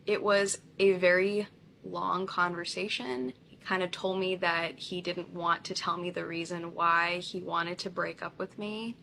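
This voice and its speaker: A content creator from India talks candidly to the camera about a painful personal experience, laughing lightly now and then. Her voice is bright yet lowish and creaky. Faint ambient noise lingers in the background.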